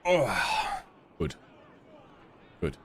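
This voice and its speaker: A man's voice: deep voice, huge pitch swings, very slow, breathy edge. A man chatting casually on a gaming livestream, swearing freely and laughing at his own stories. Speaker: streamer. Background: background music.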